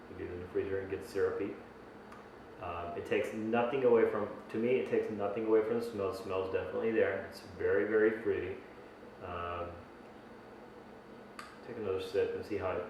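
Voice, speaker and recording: A man's voice: fairly low pitch, a little hiss or hum. A man giving a casual whisky tasting review, thinking aloud with many restarts and fillers. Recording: very echoey room, mic at a distance.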